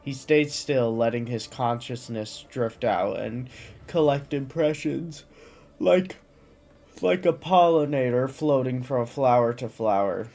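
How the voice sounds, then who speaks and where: Slow, stumbling male storyteller. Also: mid-range voice, vocal fry, darkish tone, soft background music. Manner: stumbles and restarts, occasional coughs. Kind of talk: casual reading of fan lore.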